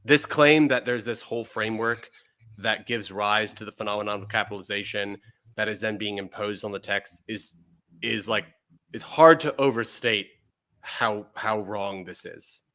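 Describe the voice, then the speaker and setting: A man with a lowish voice and a bright, forceful edge speaks as a guest scholar. His delivery is animated and emphatic, and he often undercuts himself with quick self-deprecating asides. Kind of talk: casual scholarly discussion.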